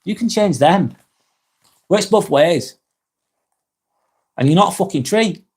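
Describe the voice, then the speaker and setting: A man with a Lancashire accent hosts a casual live stream and chats easily with his viewers. His voice sits a little higher than most men's. He talks in a loose, unhurried way, swears freely and often stops to restart a sentence. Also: expressive, a little mellow, husky. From Northwest England. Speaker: live vlog host.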